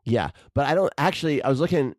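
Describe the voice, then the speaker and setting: A man's voice: medium pitch, animated, quick pace, darkish tone, no echo, studio quality. A man co-hosting a podcast in casual chat, hesitant and self-deprecating, often restarting his sentences. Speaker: podcast co-host.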